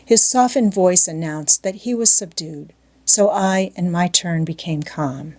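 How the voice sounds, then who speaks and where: A woman narrating a classic novel as an audiobook in a measured, expressive reading. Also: lowish voice. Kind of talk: scripted narration.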